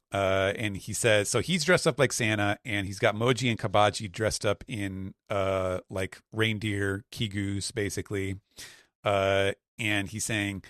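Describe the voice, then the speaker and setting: A man on a podcast panel chats casually and describes things in a rambling way, with plenty of "uh"s and "like"s. His voice sits on the low side. The sound is dry and close, with no room echo. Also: fairly even intonation, a little slow, fairly bright tone. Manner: rambling, filler-heavy description with acted quotes. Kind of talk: casual chat.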